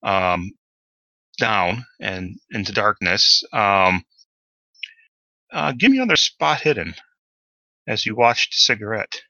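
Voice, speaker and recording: Male game master for a tabletop session; halting narration, bright voice, close dry sound. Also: on the low side, expressive, no room sound, dull audio. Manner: hesitant, many fillers.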